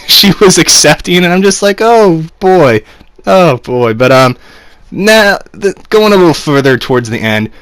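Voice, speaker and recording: A man's voice: fairly high pitch, a bit bright, no room sound. Laughing, rambling young man reviewing anime. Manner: rambling, laughs often, many fillers. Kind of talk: casual episode review.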